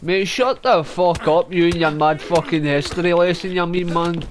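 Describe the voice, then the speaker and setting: A Scottish man talking over a game in a fairly high voice. He is brash and sweary, firing off trash talk at other players. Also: moderate pace. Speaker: gamer. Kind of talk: gameplay voice chat.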